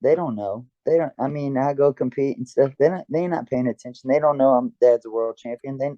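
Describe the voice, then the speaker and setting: A man's voice: medium pitch, a little fast, no echo. A man as a guest in a casual interview chat, talking in an earnest, reflective way. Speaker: guest, karate fighter and dojo owner. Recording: dull lo-fi dry sound.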